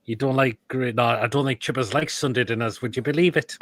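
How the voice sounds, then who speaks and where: A man's voice: medium pitch, quick pace. Blunt, crude man hosting a live stream. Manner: crude, blunt quips with sudden loud outbursts. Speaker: host of a live football show. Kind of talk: live-stream chat reacting to food pictures and reading comments.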